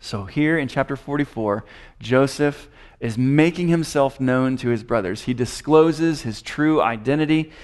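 A man's voice: medium pitch, a little slow, a little mellow. A man teaching a Bible passage, reading scripture aloud and commenting on it with frequent restarts. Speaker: preacher.

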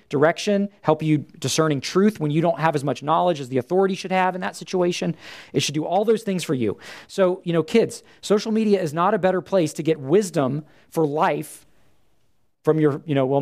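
A man's voice: a little high, darkish tone. A man giving an earnest, conversational church teaching talk to a live group, with frequent fillers.

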